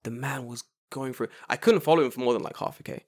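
A man in his late twenties chatting casually as a podcast co-host. He tells stories in an animated way, swears freely and slips into acted-out voices of the people in them. His voice sits at an ordinary middle pitch and is recorded close and dry. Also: fast, dry recording. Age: 20s. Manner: animated storyteller, swears freely, acts out quotes. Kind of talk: casual chat.

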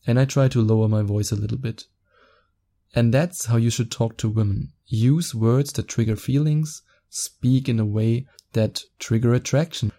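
A young man hosting a podcast, giving excited, fast-talking advice in a casual solo chat, quick to laugh. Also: medium pitch, creaky. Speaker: podcast host.

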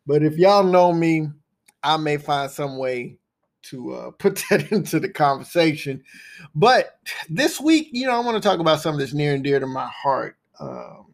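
A man's voice: on the high side, sing-song, normal speed, gravelly. A man hosting a recurring segment, speaking in a casual motivational monologue. He repeats phrases for punch and talks in laid-back slang, often saying "man.". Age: adult with a son.

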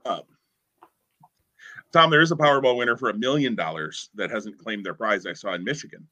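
A man's voice: fairly low pitch, a little fast, pushed and bright. A man co-hosting a podcast in casual chat, rambling and enthusiastic with lots of fillers. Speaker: podcast co-host.

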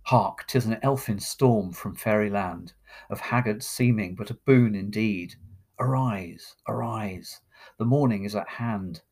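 A man voicing an ardent young male lover, reciting his lines slowly as poetry. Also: lowish voice, darkish tone, husky. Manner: slow, impassioned verse recitation.

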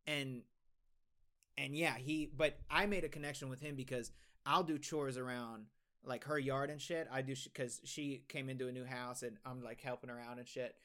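A man's voice: mid-range voice, steady tone, moderate pace, sharp tone. A young man co-hosting a podcast, telling a long story in casual, rambling talk full of swearing and restarts. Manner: rambling, profane, many restarts. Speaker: podcast co-host.

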